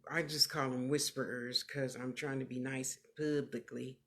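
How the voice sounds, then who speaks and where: Animated sassy woman giving livestream readings. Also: extremely low pitch, moderate pace. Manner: animated, emphatic, sassy and motherly; repeats phrases for emphasis. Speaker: clairvoyant medium.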